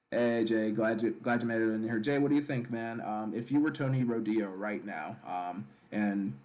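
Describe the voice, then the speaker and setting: Male stream host, lowish voice, casual chatty commentary, reads the live chat aloud. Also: a little mellow.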